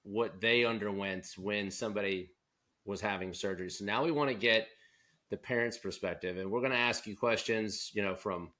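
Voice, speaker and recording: A man's voice: fairly low pitch, normal speed, bright, forceful tone. A man co-hosting a podcast, interviewing guests in a loose, conversational way, often restarting his sentences. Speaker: podcast co-host, doctor.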